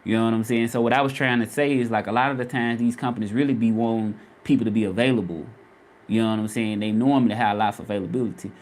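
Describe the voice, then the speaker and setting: A man's voice: on the low side, steady tone, quick pace, darkish tone. Southern man chatting casually on a livestream. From Memphis, Tennessee. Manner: chatty, repeats questions, reads out viewer comments. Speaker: vlogger and freelance Spanish interpreter.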